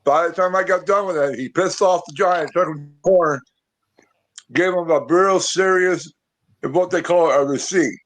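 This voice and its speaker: A man's voice: on the high side, normal speed, a bit bright, poor audio. A man, a pro wrestler, speaking bluntly as a guest in a casual podcast interview. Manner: blunt, calls people brother.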